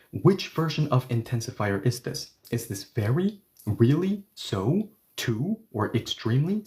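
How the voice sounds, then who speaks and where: A male language teacher with a dark, mellow voice explains grammar in an emphatic way. He stresses points by repeating words and acting out short exchanges. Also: medium pitch. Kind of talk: explanatory online lesson.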